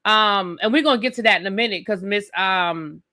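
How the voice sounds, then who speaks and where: A woman with a bright, forceful voice who reviews reality TV on her live stream. She rants with sass and strong opinions and keeps talking straight to her viewers. Her voice sits at an ordinary pitch for a woman. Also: fairly quick.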